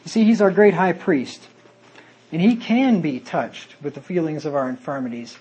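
A man preaching an earnest sermon and reading Bible verses aloud in old-fashioned wording. His voice is husky and sits a little high. He talks the way a pastor does from the pulpit. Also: moderate pace, a little mellow, dull audio.

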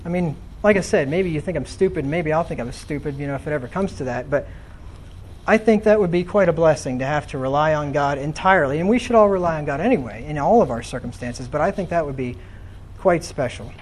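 A man's voice: fairly high pitch, expressive, quick pace, darkish tone, a little hiss or hum. A man preaching a sermon in a church, reading scripture aloud and asking the congregation questions in a conversational way. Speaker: pastor.

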